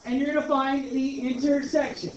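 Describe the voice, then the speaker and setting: High-voiced Brooklyn math teacher. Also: male voice, normal speed, a little hiss or hum. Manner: animated, addresses class as guys. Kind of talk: classroom math lecture. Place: classroom. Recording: echoey, distant, dull classroom recording.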